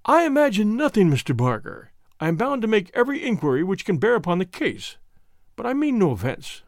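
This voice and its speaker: A man reads as a stern police inspector, pitched noticeably higher than the narration and pressing each question with formal insistence. The voice rises and falls with lively emphasis, and the recording is close and dry, with no room sound. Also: fairly quick, no room sound, heavily acted. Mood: probing. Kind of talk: audiobook reading.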